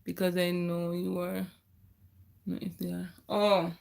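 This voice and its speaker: A woman's voice: fairly low pitch, level tone, measured pace, gravelly, a little mellow. A woman tutoring math on a casual live stream from her phone, chatty and laughing often, sometimes talking while eating.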